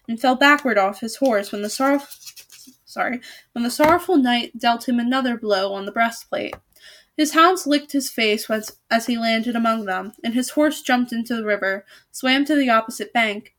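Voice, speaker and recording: A woman's voice: a little high, a bit bright. Woman reading a storybook aloud. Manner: casual asides, self-corrections. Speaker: storybook reader. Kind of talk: reading a children's novel aloud.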